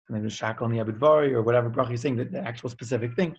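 A man teaching an informal spoken Torah lesson in a conversational, emphatic way, with his voice jumping high on key points. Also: rapid-fire, husky. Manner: conversational with frequent fillers and restarts. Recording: dull lo-fi recording.

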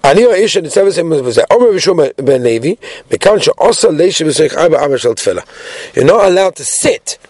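A man giving a daily Talmud class, animated, mixing Hebrew phrases into English and asking rhetorical questions. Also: a little high, a little fast, no room sound. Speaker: Talmud teacher.

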